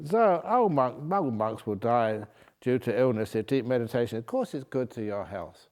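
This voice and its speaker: A Buddhist monk with a mid-range, slightly mellow voice answers questions in a meditation retreat hall, unhurried and animated with frequent pauses. His humorous dharma Q&A is full of jovial stories, and he often laughs at his own jokes.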